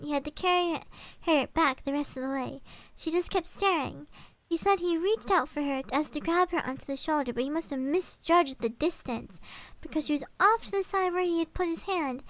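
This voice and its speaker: A woman's voice: sits high, fairly bright tone. A woman streamer casually reading a scary story aloud, swapping swear words for milder ones and breaking off for chatty asides.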